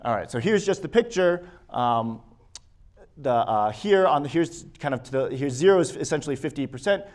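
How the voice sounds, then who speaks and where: A man presenting his research to a conference session at a mid-range pitch. He talks through slide figures step by step and often stops and restarts his phrases with small fillers. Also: animated, normal speed, a little mellow. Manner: hesitant, with frequent restarts and fillers; walks listeners through slides and results.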